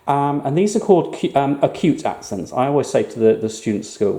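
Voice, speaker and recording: Male language teacher, patient and clear, mellow tone, roomy echo. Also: mid-range voice, animated. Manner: clear, patient explaining with slow repeated words. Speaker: Spanish teacher. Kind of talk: online language lesson.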